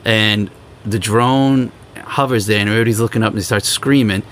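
A young man hosting a podcast, telling road stories in a casual, animated way and acting out other people's lines. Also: brisk, slight background noise. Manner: animated storyteller, acts out quoted people in higher voices. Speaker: podcast host. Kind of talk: casual storytelling chat.

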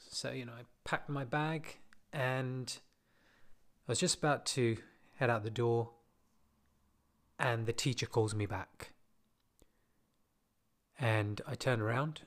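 A man recounts a memory in a relaxed, conversational monologue. His pitch sits in an ordinary middle range, and he drops in wry, self-deprecating asides as he talks. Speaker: podcaster telling a personal story. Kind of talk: casual storytelling monologue.

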